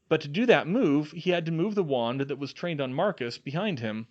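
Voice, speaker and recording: A man reading fan fiction aloud as an expressive audiobook narration. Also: mid-range voice. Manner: expressive, voices each character. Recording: dull lo-fi sound.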